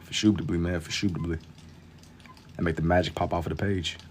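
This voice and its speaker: A man's voice: low voice, fairly even intonation, quick pace, a little mellow, slight background noise. A young man chatting casually with viewers while drawing on a live stream, laid-back and slangy, keeping his voice down for the late night.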